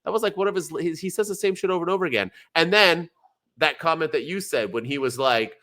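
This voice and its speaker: A man co-hosting a casual podcast, talking in an animated, profane rant. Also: a little high, fast. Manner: animated, profane, ranting, mocks others in quoted voices. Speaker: podcast co-host. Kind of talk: casual chat.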